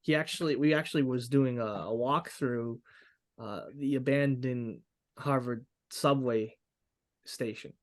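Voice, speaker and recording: A man voicing a gruff, burly ex-military construction worker in a tabletop game, halting and repeating his words. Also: medium pitch, natural voice. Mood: confiding.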